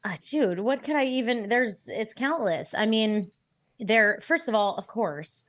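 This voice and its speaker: A woman's voice: on the high side, expressive, unhurried. Chatty woman podcast co-host. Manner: chatty, emphatic, rambling. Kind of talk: casual chat.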